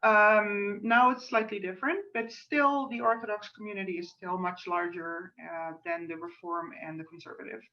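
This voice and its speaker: A woman's voice: mid-range voice, fairly even intonation, moderate pace, few pauses. A woman cantor from the Netherlands with a Dutch accent, chatting on a video call with frequent fillers and friendly asides. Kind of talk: friendly introductory talk before a service. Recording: distant, muffled video call audio.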